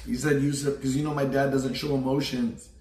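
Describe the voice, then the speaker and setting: A young man hosting a casual chat, excitable and emotional, repeating his questions and bursting into laughter. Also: mid-range voice, fairly quick. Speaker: streamer host. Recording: echoey room, far from mic, faint noise.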